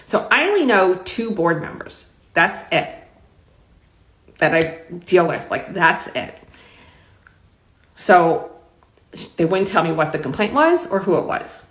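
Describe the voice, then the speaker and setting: A woman's voice: fairly low pitch, big pitch swings, slow pace, long pauses, fairly bright tone. A middle-aged woman with a New York accent tells a long personal story to the camera in a chatty, rambling, emphatic way. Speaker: vlogger. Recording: roomy echo.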